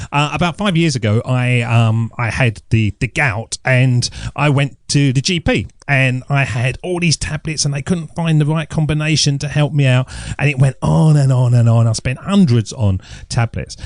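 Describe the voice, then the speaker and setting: A man's voice: mid-range voice, normal speed, dry recording, clean studio sound. A middle-aged man, rambling through a jokey, self-mocking podcast story. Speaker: podcast host. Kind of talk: casual solo podcast monologue.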